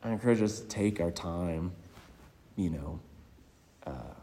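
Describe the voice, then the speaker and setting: A man giving a eulogy with personal stories, reflective and hesitant, pausing often. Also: low-pitched, warm tone, a little hiss or hum. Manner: reflective and hesitant, many pauses. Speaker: speaker at a memorial. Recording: long hall reverb.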